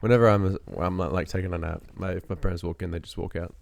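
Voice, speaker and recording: Deep gravelly young guy, laid-back. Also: fairly even intonation, quick pace. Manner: laid-back, crude jokes, trailing mumbles. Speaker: podcast co-host. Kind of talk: casual chat.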